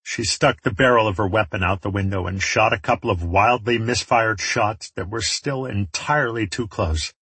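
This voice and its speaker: A man's voice: on the low side, normal speed, hardly any pauses, fairly bright tone, husky, dry recording. A man reading a first-person story aloud, with wry, sardonic asides. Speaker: audiobook narrator. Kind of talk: first-person audiobook narration.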